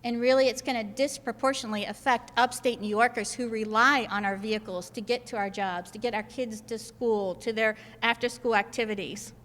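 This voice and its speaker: A woman state senator speaks at a press conference with emphatic, list-driven delivery. Her fairly high voice carries a long reverb that rings through a large hall. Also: steady tone, a little fast, few pauses, fairly bright tone. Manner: emphatic, builds points in repeated lists. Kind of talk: political press conference speech. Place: indoor government building hall.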